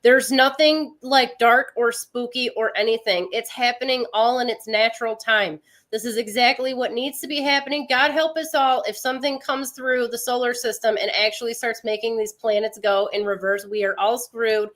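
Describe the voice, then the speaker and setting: A woman's voice: a little high, normal speed, few pauses. Chatty woman co-hosting a livestream. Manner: chatty, animated, explains science plainly. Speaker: astrology livestream co-host. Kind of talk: casual livestream chat.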